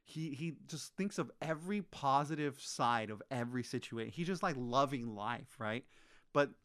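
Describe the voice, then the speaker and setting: A man in casual movie chat, animated and ranting, swearing freely. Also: mid-range voice, moderate pace.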